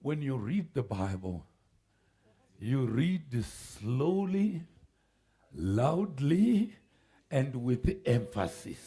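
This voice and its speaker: A man preaching a sermon, calling out to the congregation, shouting and laughing as he goes. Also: medium pitch, drawn-out words, long pauses, slightly rough. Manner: animated preaching with shouts, laughs and call-and-response. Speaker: pastor. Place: church sanctuary.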